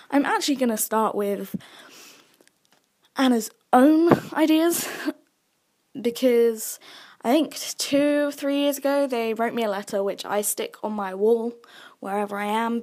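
A woman's voice: on the high side, a little mellow. Chatty self-mocking young woman podcaster. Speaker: podcast host. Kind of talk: solo podcast chat.

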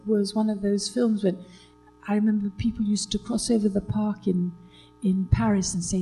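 An older British actress, a guest telling stories in a relaxed chat, hesitant with many fillers and restarts. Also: female voice, medium pitch, creaky, husky, poor audio. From Britain.

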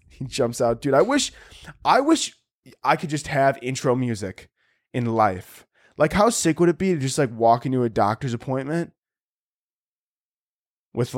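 A man's voice: mid-range voice, no echo, studio quality. Crude, mock-aggressive young man, podcasting. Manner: crude, mock-aggressive, laughs at own jokes. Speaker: podcast host. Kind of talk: solo comedic monologue.

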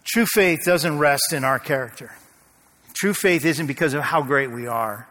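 Male pastor preaching, slightly high voice, storytelling delivery, long hall reverb. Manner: storytelling, slows and drops to a hush at tense moments. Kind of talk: sermon.

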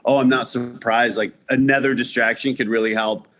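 A man from Canada talks as a guest comedian, his mid-range voice tumbling through restarts and acted-out quotes. The chat is loose and animated, with a quick storyteller's energy. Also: medium pitch. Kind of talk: casual podcast chat.

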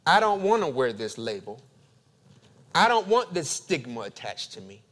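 A male pastor preaching a sermon, building emphatic repeated phrases and then dropping to quiet, confessional tones. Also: a little high, sing-song, moderate pace. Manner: emphatic preaching with dramatic repetition.

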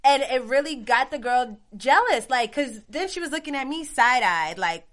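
A woman co-hosting a casual group chat, emphatic and animated as she tells stories. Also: on the high side, normal speed, few pauses. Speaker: podcast co-host.

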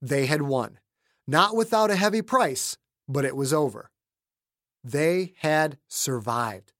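A man's voice: fairly high pitch, expressive, slow pace, dry recording, clean studio sound. Male narrator, dramatic audiobook reading. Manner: dramatic, shifting between hushed and shouted voices. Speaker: author and narrator.

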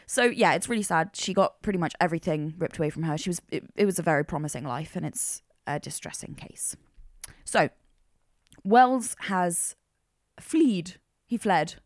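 A woman with a low, lively voice co-hosts a podcast, recounting a true crime case at a moderate pace in a chatty way peppered with slang like "mega." The recording is clean studio sound with no room echo.

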